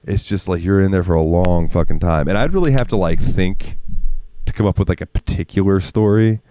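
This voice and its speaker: Deep-voiced man, profane storyteller. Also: fairly quick, warm tone, smooth, no echo. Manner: profane, rambling, laughs often. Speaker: podcast co-host. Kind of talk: casual storytelling chat.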